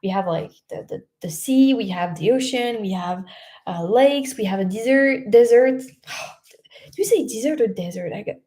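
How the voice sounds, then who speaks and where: Chatty French woman with a mellow voice. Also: medium pitch, animated, moderate pace. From France. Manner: chatty, laughs often, many fillers and restarts. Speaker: vlogger hosting a livestream. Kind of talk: casual livestream chat, reading comments.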